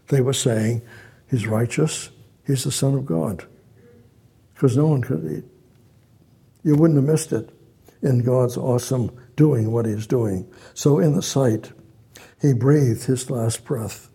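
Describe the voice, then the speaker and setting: A man's voice: mid-range voice, warm tone, slightly rough. A man preaching a sermon, reading scripture aloud and repeating his phrases as he explains them.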